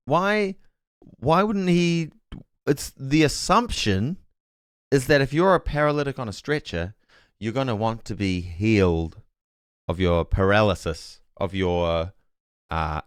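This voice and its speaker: A man's voice: medium pitch, clean tone, no room sound, studio quality. A man streaming a casual Bible talk, thinking aloud and correcting himself as he goes, and reading chat messages aloud with puzzled asides.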